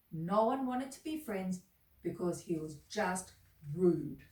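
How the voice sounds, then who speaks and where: A woman reading a children's story aloud in an expressive, sing-song way. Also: fairly low pitch, slow. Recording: echoey room, mic at a distance.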